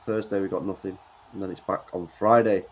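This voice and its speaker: A man co-hosting a football watchalong, talking in a relaxed, hesitant way with plenty of fillers. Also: sits low, brisk, breathy edge. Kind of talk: casual live match chat.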